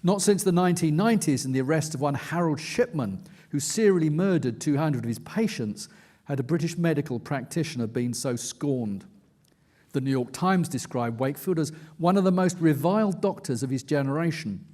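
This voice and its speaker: A man reads aloud from his own book to a conference audience. His voice sits a touch higher than most men's, and his delivery is measured and dry, like a storyteller setting a scene. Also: animated, darkish tone. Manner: measured, dry storytelling read with quoted asides. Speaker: investigative journalist, author. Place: conference stage.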